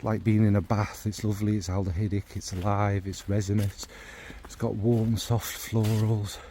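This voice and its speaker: With background noise behind him, a male fragrance vlogger talks in a fairly low, level voice at a moderate pace. He rambles casually and at length to camera, warm and enthusiastic about scents.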